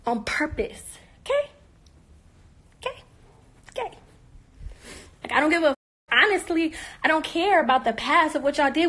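A woman's voice: sits high, sing-song, unhurried, pauses often, a bit bright. A woman on a live stream, ranting in a confrontational, profane, mocking way, her voice worn from talking all day. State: losing her voice. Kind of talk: heated live-stream rant.

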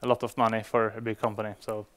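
A man's voice: fairly low pitch, flat delivery, fast, a bit bright. A man giving a conference talk to developers, speaking English as a non-native speaker, with frequent fillers and restarts. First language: Swedish. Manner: hesitant, many fillers and restarts.

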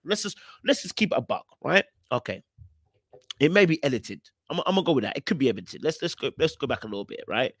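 A man's voice: high-pitched, fairly bright tone, slightly rough, no echo, clean studio sound. A man with a British accent hosting a podcast, giving emphatic, repetitive commentary on reality TV clips. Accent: British English.

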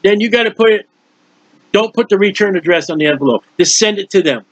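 A man's voice: sits high, lively intonation, fast, dry recording. An older man preaching a sermon, earnest and folksy, rambling and acting out prayers as he goes. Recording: dull, lo-fi recording.

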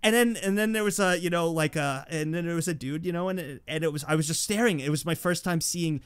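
A man telling a funny story in casual chat, animated and hesitant, acting out the scenes. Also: on the high side, brisk, clean tone, dry recording.

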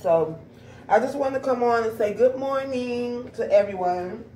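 Her voice sits on the high side, warm and a little slow, as she talks casually to viewers in a vlog filmed around her home and backyard. The camera mic captures faint background noise and a far-off, roomy echo.

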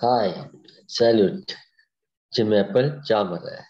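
A man who is a beginner French student, answering slowly and hesitantly. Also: on the low side, a little mellow, muffled recording.

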